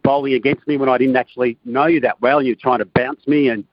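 A man's voice: medium pitch, fairly even intonation, fast, dry recording, lo-fi sound. A man with an Australian accent, calling in to a radio show, who tells a long teasing story about an old friend. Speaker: caller. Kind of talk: casual phone-in banter. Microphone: phone call.

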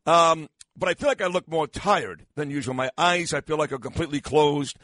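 A man's voice: on the high side, big pitch swings, fairly quick, a bit bright, no room sound. An older man hosting a morning radio talk show, rambling and self-mocking with lots of fillers, sounding tired and losing his voice. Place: radio studio.

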